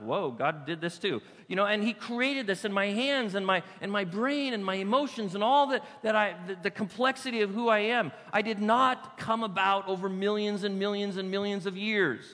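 A man preaching from the pulpit with a high, sharp voice, hammering key points and then easing into quiet asides. His handheld mic carries into a church hall with a long, ringing reverb. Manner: emphatic preaching, drops to soft asides. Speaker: pastor. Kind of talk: sermon. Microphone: handheld microphone.

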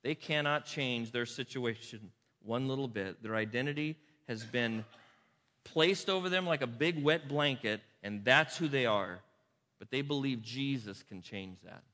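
A man preaching a sermon in a church, emphatic and dramatic, moving between loud urgent lines and hushed quiet ones. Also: medium pitch, a little slow. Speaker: pastor. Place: church sanctuary. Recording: reverberant hall sound.

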